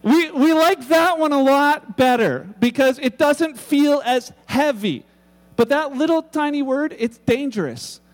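A man's voice: extremely high pitch, a little slow, in a large hall. A man preaching a sermon as a pastor, in a casual, humorous storytelling way with frequent restarts.

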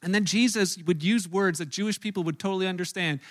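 A man preaching a sermon to a church room, telling the story in an animated way and acting out the voices of the people in it. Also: high voice, fast. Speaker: pastor.

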